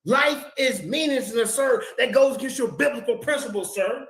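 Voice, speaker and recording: A man's voice: very high voice, fairly quick, fairly bright tone, roomy sound, low-quality recording. A man delivering a fiery rebuttal in an online debate, repeating himself in a preacher-like cadence. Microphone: video call.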